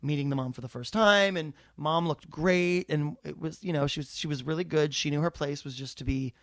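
A man's voice: on the high side, brisk, no room sound. Man in his forties telling a rambling story. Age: 40s. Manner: animated, rambling, self-deprecating storyteller. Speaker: comedian co-host. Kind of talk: casual storytelling chat.

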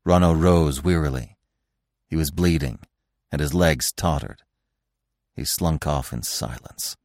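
A man reading a classic story aloud as a narrator, expressive and animated. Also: a bass voice, dry recording, clean studio sound. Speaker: audiobook narrator.

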